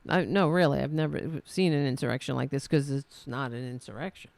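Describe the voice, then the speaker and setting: A woman's voice: a bass voice, a little fast, vocal fry, a little mellow, no room sound. A woman hosting a podcast of political commentary, sarcastic, mocking and profane. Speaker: podcast host.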